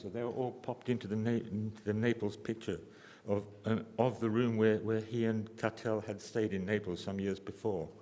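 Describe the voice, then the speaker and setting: A man giving a symposium lecture, halting and restarting often, with dry humor. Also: lowish voice, a little mellow, in a large hall. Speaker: lecturer, architect. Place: lecture hall.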